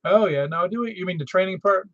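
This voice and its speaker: A man's voice: high-pitched, fast, dry recording. A man hosting a ham radio net in a chatty, easygoing way. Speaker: net control host. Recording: muffled radio audio.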